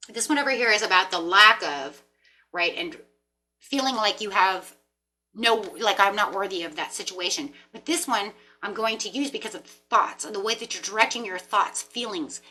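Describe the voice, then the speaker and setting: A woman doing a collective tarot reading, talking in a casual, rambling way and breaking into animated asides. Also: medium pitch, normal speed, soft background music. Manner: rambling, animated, talks to herself with laughs and mock voices. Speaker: tarot reader. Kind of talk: casual spiritual talk to camera.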